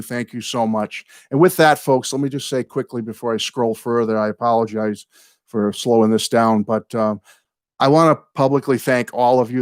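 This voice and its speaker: An older man hosting his own live chat, greeting viewers and rambling excitedly through fan stories and thank-yous. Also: mid-range voice, no room sound, clean studio sound. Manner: rambling, excitable, apologizes for going off on tangents. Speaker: host of a music fan channel.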